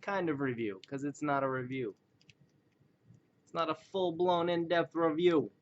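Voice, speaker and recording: A man with a fairly high, fairly even voice rambles at an unhurried pace in a webcam toy review. He's an action figure collector who pokes fun at himself and drifts into joke voices. The recording sounds dull and lo-fi.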